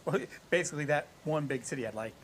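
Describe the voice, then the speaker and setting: A man playing a tabletop game, talking in a halting way as he thinks aloud. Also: fairly high pitch, slight background noise. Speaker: player. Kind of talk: casual tabletop play.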